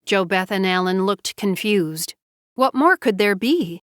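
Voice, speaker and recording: Woman reading an audiobook, calm steady storytelling, dead dry studio. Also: mid-range voice, a little slow, clean tone, dry recording. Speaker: audiobook narrator. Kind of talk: scripted narration.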